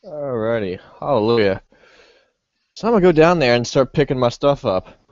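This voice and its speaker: Deadpan man at a game table. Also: medium pitch, moderate pace, no room sound. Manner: dry, deadpan remarks. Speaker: player. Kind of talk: casual tabletop play. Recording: muffled, dry home recording.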